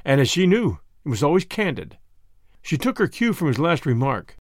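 A man narrating an audiobook in a measured, expressive storytelling manner. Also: fairly high pitch, no echo, clean studio sound. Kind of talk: audiobook reading.

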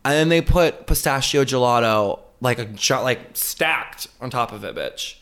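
A man telling a travel story in casual, gossipy chat, animated and full of profanity. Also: medium pitch, normal speed. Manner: animated, profane storyteller, calls friend bitch and girl.

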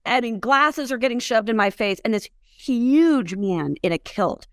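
In a relaxed interview, a whiskey brand founder shares stories in a fairly high, expressive voice at an unhurried pace. Talkative and full of fillers, she laughs often as she goes. The sound is dry and of studio quality.

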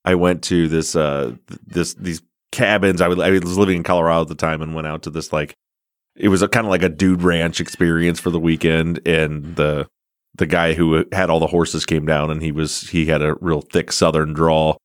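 A man's voice: very deep voice, flat delivery, moderate pace, dry recording, studio quality. An American man hosting a podcast interview, chatty and rambling, laughing often as he tells stories. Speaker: podcast host. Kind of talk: casual interview chat.

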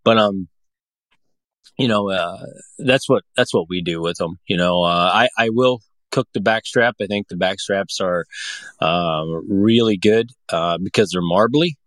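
A man's voice: deep voice, unhurried, fairly bright tone, dry recording. A man from the Pacific Northwest chatting casually as a podcast guest, rambling with lots of fillers and restarts. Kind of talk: casual chat.

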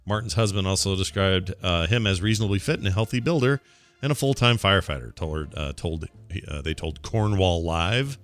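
A man's voice: deep voice, animated, brisk, a bit bright, faint music behind. A man co-hosting a casual podcast, reading offbeat news stories aloud in a laid-back way with small stumbles. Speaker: podcast co-host.

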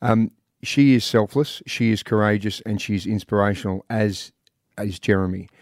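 A man's voice: lowish voice, fairly even intonation, normal speed, a little mellow, dry recording, clean studio sound. An Australian man co-hosting a radio show, upbeat and jokey, reading promos and introducing guests. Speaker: radio co-host. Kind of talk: breakfast radio banter. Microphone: studio microphone.

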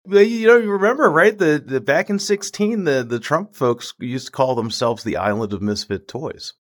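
A man appearing as a guest political reporter, talking lively and thinking aloud, quick to laugh. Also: a little high. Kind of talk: casual political chat.

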